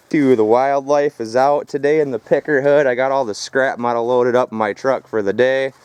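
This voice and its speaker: Rough-talking man vlogging outdoors. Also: medium pitch, fairly even intonation, moderate pace, hardly any pauses, a little mellow, slight background noise. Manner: rough, profane, talks straight to viewers. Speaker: scrap metal vlogger. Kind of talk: casual vlog narration. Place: outdoors at a rural property.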